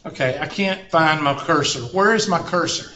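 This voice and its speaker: A man's voice: on the high side, moderate pace, sharp tone, slight background noise. Folksy man lecturing a math class. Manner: folksy, joking asides and anecdotes. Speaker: math instructor. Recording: roomy, dull classroom recording.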